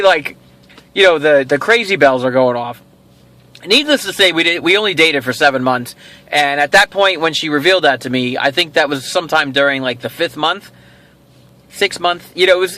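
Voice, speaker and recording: High, lively man telling a rambling story. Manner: rambling, animated, acts out quoted dialogue. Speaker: toy show host. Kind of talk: casual storytelling vlog.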